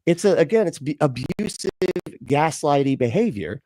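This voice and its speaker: A man's voice: fairly high pitch, big pitch swings, moderate pace, mellow, dry recording, studio quality. A man in casual livestream chat, rambling and profane, packed with "like" and "you know". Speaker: livestream co-host.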